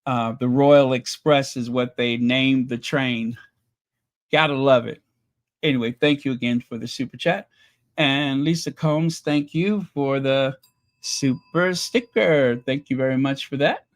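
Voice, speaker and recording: A man hosting a casual livestream, chatting with viewers in a mocking, rambling way full of pauses and fillers. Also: medium pitch. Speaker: channel host reading super chats.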